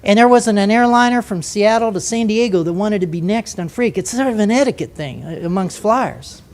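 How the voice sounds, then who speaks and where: Animated older male storyteller. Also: high-pitched, a little fast. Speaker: former jet pilot. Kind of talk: storytelling to an audience.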